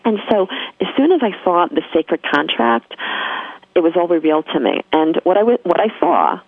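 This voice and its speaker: A woman's voice: fairly low pitch, animated, normal speed, vocal fry, breathy edge, dry recording. A woman with a New York accent, telling a personal spiritual story as an interview guest, earnest and emphatic with frequent restarts. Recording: tinny phone line, dry.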